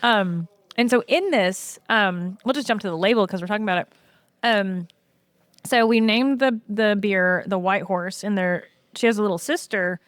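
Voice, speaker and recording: A woman guest in casual podcast chat, telling lively stories with frequent "um"s. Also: mid-range voice, normal speed, dry recording. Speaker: podcast guest, brewery co-owner.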